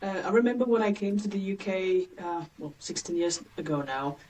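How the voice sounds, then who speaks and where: A woman in her late thirties from Bulgaria, speaking English with a Bulgarian accent as an interview guest, chatty and quick to laugh. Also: mid-range voice, expressive, a little mellow, far from the mic, poor audio. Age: late 30s. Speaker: guest, agency founder. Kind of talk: casual interview chat.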